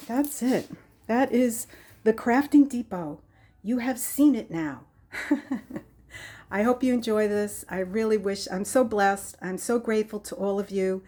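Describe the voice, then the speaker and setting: An older, retired woman with a warm, mid-range voice gives a chatty craft room tour for her vlog, meandering and full of ums. She sounds out of breath, and it's filmed on a phone held in her hand.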